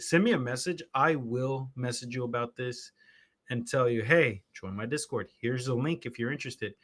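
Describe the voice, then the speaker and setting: A man's voice: medium pitch, a bit bright. A man hosting a live stream, talking casually and rambling from one thing to the next as he sets up his show. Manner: rambling, chatty, self-interrupting. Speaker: streamer and podcast host.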